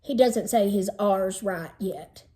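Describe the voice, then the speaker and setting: A woman teacher reading a children's chapter book aloud in an unhurried storytelling manner, slowing down over lists. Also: mid-range voice, mellow.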